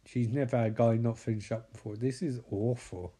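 A man's voice: medium pitch, fairly even intonation, brisk, dark tone, husky. Sarcastic man riffing on a movie. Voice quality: sarcastic, mocking. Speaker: movie recap commentator.

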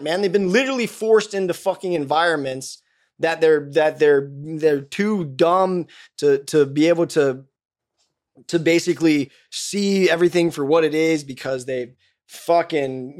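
A man as a podcast guest, ranting in a heated, profane way with many restarts. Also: fairly high pitch. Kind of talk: casual podcast conversation.

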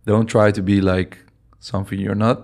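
Man, low pitch, halting casual chat, podcast guest. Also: little pitch movement, a little mellow. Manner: halting, searches for words, many restarts.

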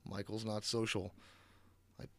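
A man's voice: on the low side, level tone, measured pace, a bit bright. A man giving a casual, rambling movie recap, swearing often, sarcastic and full of fillers, on a close mic. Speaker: movie reviewer.

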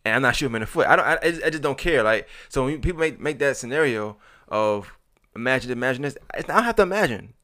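A blunt man in his thirties talks quickly in a casual podcast chat. His voice is bright and forceful, and he restarts and repeats his phrases as he pushes his point. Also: medium pitch, animated. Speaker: podcast co-host.

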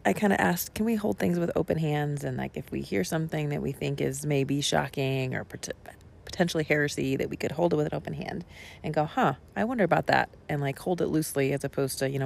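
Low, gravelly-voiced woman pastor musing casually. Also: fairly even intonation, fairly quick. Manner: rambling and conversational, with frequent ums and asides. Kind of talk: casual spoken reflection on a sermon.

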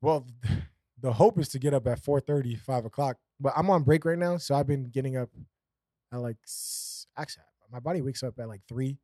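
At a normal speed, a man with a dark-toned mid-range voice co-hosts a casual podcast, laughing often and rambling with filler words. The sound is clean studio audio with no room sound.

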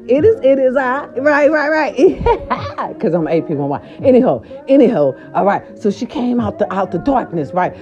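A middle-aged woman telling a story casually to her viewers, animated and profane, repeating her filler words. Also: on the high side, moderate pace, highs cut off, faint music behind. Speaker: vlogger.

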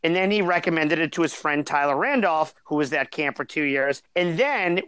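A man's voice: a little high, normal speed, a bit bright, clear, resonant tone, no echo. A man hosting a podcast, telling stories in an easygoing way with small stumbles. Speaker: podcast host. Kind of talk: casual interview chat.

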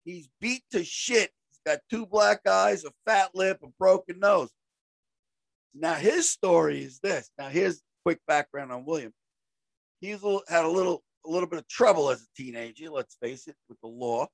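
A man with a high, gravelly voice tells a story to a friend, animated and acting out the shouted lines. The sound is dry and close. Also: normal speed, no echo. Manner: animated, acts out shouted quotes.

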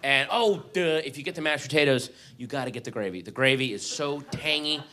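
A man voicing a perky fast food counter worker with a sing-song customer-service manner, in a comedy bit. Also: mid-range voice, bright, forceful tone, close to an everyday voice. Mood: chirpy.

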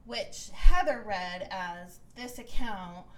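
A woman co-hosting a podcast, casually recapping a reality show and telling the story with lively, acted-out quotes. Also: medium pitch, slow pace, slight background noise, rough recording. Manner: animated storytelling, acts out quotes in raised voices. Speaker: podcast co-host.

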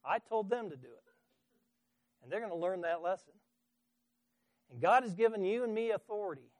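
Middle-aged male preacher, high-ish voice, emphatic storytelling sermon, dry close sound. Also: animated, moderate pace, no room sound. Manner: emphatic, storytelling, with stumbling restarts.

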